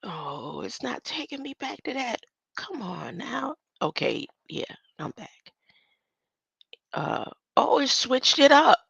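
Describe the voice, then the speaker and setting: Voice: medium pitch, big pitch swings, slow pace, creaky, pushed and bright, slightly rough, no echo. A vlogger talking in a rambling casual monologue, musing and drifting from topic to topic and chuckling often. The sound is dull and lo-fi.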